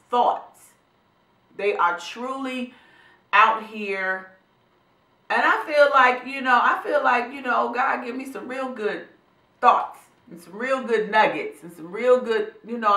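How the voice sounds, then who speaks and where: A woman vlog host who speaks professionally, giving a motivational talk to camera in a preachy, animated way. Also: medium pitch, roomy sound. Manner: animated, preachy, addresses viewers as y'all and honey.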